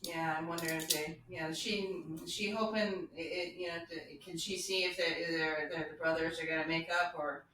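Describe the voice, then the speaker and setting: A woman's voice: lowish voice, fairly even intonation, normal speed, hardly any pauses, recorded from a distance. A woman guest asking questions at a casual channeling session, hesitant and restarting her sentences. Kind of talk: casual chat. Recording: echoey room, off-mic with noise.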